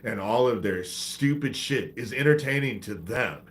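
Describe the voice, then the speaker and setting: A man's voice: medium pitch, lively intonation, normal speed. A man hosting a livestream, ranting in a profane, exasperated, preachy way while he has a head cold. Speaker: livestream host.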